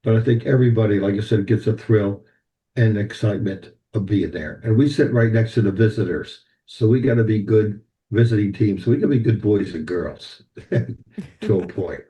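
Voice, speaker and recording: An older man, a guest on a podcast, recalling old times in an animated, anecdotal way. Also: fairly low pitch, moderate pace. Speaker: band president, guest. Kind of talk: podcast interview, storytelling.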